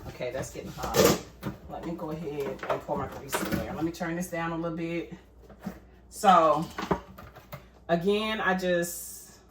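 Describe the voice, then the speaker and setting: A woman's voice: fairly low pitch, fairly bright tone, slight background noise. A woman, chatting casually to viewers while she cooks in her home kitchen and calls them y'all. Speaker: cooking vlogger. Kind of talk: casual cooking chat.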